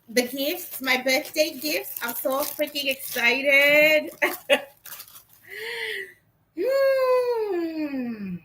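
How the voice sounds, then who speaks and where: Vlogger woman, 30s, high bright voice, slow excitable chatter, faint background noise. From Africa. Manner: excitable, exclaims often, chatty. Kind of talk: casual unboxing vlog.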